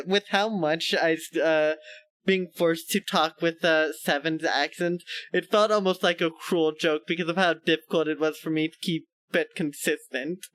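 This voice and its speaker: A man's voice: sits high, a bit bright. A male streamer chatting casually with his viewers, laughing often and poking fun at himself. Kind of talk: casual live-stream chat.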